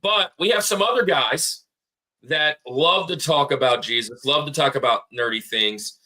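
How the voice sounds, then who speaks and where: A man's voice: a little high, normal speed, sharp tone. A man co-hosting a casual podcast, rambling and laughing as he tells stories. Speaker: podcast co-host.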